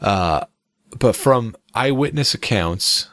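A man's voice: on the low side, lively intonation, slow pace, fairly bright tone, dry recording, studio quality. A man chatting casually as a podcast co-host, telling a rambling story with frequent laughs. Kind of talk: casual chat.

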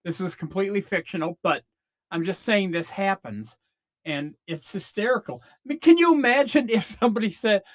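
A man's voice: high-pitched, very animated, moderate pace, no echo, clean studio sound. Rambling comic man ranting on a podcast. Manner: rambling, self-interrupting rant with mock voices. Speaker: podcast host. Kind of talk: comedic monologue.

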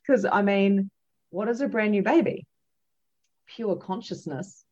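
A woman, a psychic medium and podcast guest, telling a story in an animated, emphatic way with many fillers. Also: mid-range voice, measured pace, dull audio. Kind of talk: casual storytelling chat.

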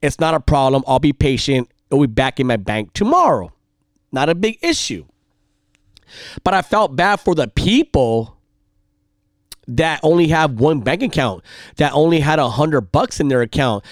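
A man telling a rambling personal story in a casual way. He repeats himself and gets louder and more heated as the story builds. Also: medium pitch, dry recording, studio quality. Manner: rambling, animated, repeats himself, heats up when recounting anger.

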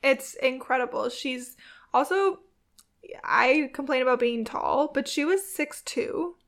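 A woman's voice: high-pitched, a little slow, a bit bright. A young woman co-hosting a casual chat, enthusiastic and full of fillers. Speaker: co-host.

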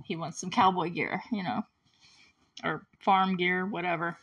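A young woman hosting a podcast, recapping a film in casual solo chat, full of "like" and "you know" and quick laughs. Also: lowish voice, fairly even intonation, a bit bright, breathy edge, dull audio. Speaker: podcast host recapping a movie.

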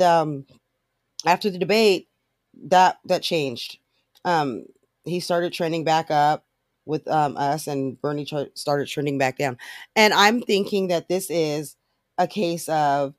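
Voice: mid-range voice, no echo, clean studio sound. A podcast host ranting alone in blunt, profane, frustrated talk full of fillers. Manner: fast talker. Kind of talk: casual solo rant.

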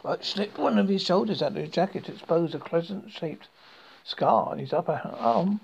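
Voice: medium pitch, lively intonation, normal speed, vocal fry, dull audio, a little hiss or hum. A narrator reading a first-person story aloud in an amateur style, with frequent stumbles and restarts.

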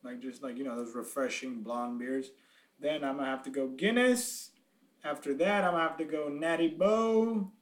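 A man's voice: a little high, moderate pace, reverberant. An easygoing man giving offhand opinions in a casual chat.

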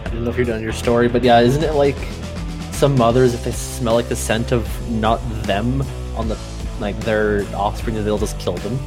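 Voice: mid-range voice, steady tone, moderate pace, over music. A podcast co-host from Canada who chimes in with jokes in a casual, playful way. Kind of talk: casual chat.

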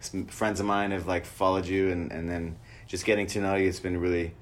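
Very deep voiced guy hosting, rambly, lots of like and you know. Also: flat delivery, a little fast. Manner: rambling, many fillers and restarts. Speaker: host. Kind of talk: casual conversation.

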